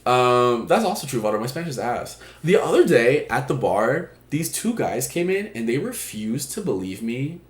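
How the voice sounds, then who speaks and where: A man's voice: mid-range voice, big pitch swings, moderate pace, few pauses. A man hosting an advice stream, with a chatty, joking manner and casual swearing. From Puerto Rico. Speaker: stream host. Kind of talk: casual chat. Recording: echoey room.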